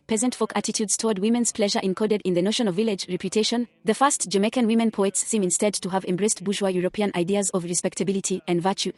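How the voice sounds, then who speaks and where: Woman student presenter, brisk formal reading of a literature paper. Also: mid-range voice, darkish tone, dry recording.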